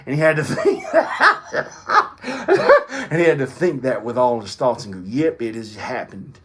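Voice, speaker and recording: A man rambling through a silly comedic monologue, often breaking into high giggling fits. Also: huge pitch swings, slow, fairly bright tone, slight background noise. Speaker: comedic video maker.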